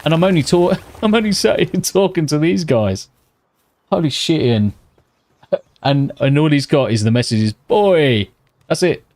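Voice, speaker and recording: A British man streaming live from home at night, chatting casually with viewers, swearing constantly and talking slightly quietly. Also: fairly high pitch, animated, moderate pace, no echo.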